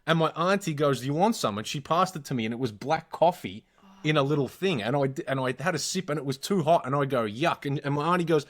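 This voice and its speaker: A man's voice: fairly high pitch, quick pace. A man with an Australian accent, co-hosting a podcast and telling rambling, profane anecdotes in casual chat. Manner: swears freely, animated anecdotes. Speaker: podcast co-host.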